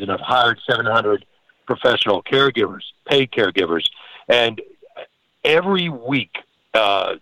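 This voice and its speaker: A man's voice: mid-range voice, fairly bright tone, no echo, low-quality recording. A man with a mid-range voice speaks earnestly as a podcast guest, often restarting his sentences. The recording is dry, with no room sound. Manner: earnest, halting with many restarts and fillers. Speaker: podcast host and home care business owner. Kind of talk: conversational guest talk.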